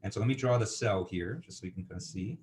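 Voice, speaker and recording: A man's voice: on the low side, fast, darkish tone, slight background noise. A man giving a university engineering lecture, thinking aloud with lots of fillers and checking in with students.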